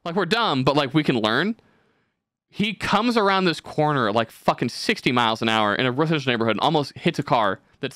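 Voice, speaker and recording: Male podcast host, casual and profane, rambling anecdotes, bright tone, dry close sound. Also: on the high side, dry recording. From California.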